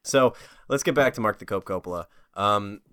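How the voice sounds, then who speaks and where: A young man cracks jokes on a comedy podcast, talking in a relaxed, casual way. He keeps riffing, bounces off his co-host and slips into quick silly bits. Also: on the low side, clean tone. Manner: joking, riffing, jumps into silly voices.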